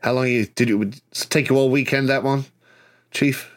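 A man's voice: mid-range voice, steady tone, moderate pace, lightly acted. A man playing a laid-back 1940s ladies' man detective in a tabletop game, easygoing and drawling. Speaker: player.

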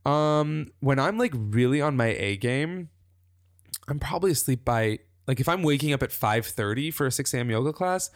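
A man talking as a guest on a casual podcast, animated and laughing, who acts out his own inner voice and swears casually. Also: mid-range voice, normal speed, no room sound, studio quality.

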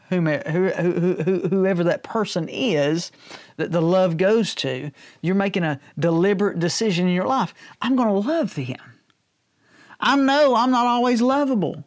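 A man's voice: sits high, no room sound, clean studio sound. A male pastor giving a sermon in a loose, conversational way, cracking jokes and often checking in with his listeners. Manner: conversational, joking, checks in with "all right?".

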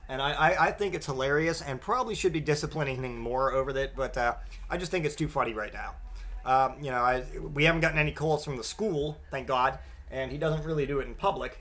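A man with a slightly higher-than-usual voice rambles through a loose comedic podcast rant. His talk is full of casual profanity, which he uses like punctuation. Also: a bit bright. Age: adult father. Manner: profane, rambling, swears constantly. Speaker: podcast host.

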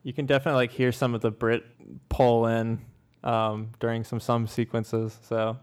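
A man co-hosting a casual film podcast, rambling and halting as he talks. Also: mid-range voice, flat delivery, darkish tone, clear, resonant tone. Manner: rambling, halting, laughs often. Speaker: podcast co-host. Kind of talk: casual film-review chat.

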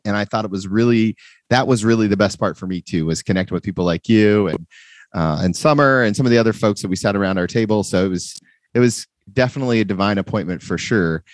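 A man hosting a casual faith podcast interview, friendly and a bit halting, with fillers and restarts. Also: fairly low pitch, no echo, clean studio sound. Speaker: podcast host.

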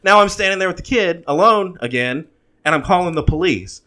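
A man's voice: high-pitched, animated, fairly quick, sharp tone. A man in his thirties telling a long, profane story in casual chat, with frequent restarts.

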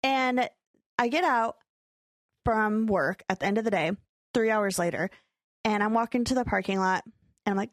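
A young woman chats on a podcast, spinning an animated story and acting out every quote. Her voice sits a little high, and the sound is close and dry. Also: normal speed, pauses often, dry recording. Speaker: podcast co-host. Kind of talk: casual chat.

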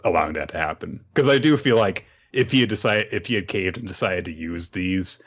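A man's voice: low voice, brisk. A man hosting a casual chat in which he recaps a story, talking chattily and animatedly and laughing often, on a dull lo-fi recording. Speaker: podcast host.

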